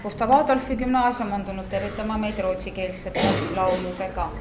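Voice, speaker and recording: A woman's voice: mid-range voice, quick pace, reverberant, heavy background noise. A woman presenting the next act at a school assembly. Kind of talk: stage announcement. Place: school hall.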